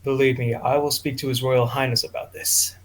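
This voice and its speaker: A man's voice: medium pitch, level tone, fairly quick, natural voice. A man voicing a scheming male vampire ally in a tabletop role-play, talking in a confident, persuasive way.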